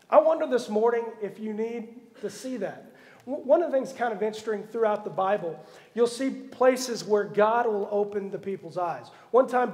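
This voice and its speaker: A pastor delivers his sermon in a lively storytelling way, slipping jokes into Bible stories. His voice sits high for a man and carries a gravelly edge. The sound rings with the long reverb of a church hall. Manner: lively storytelling with asides and humor. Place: church sanctuary.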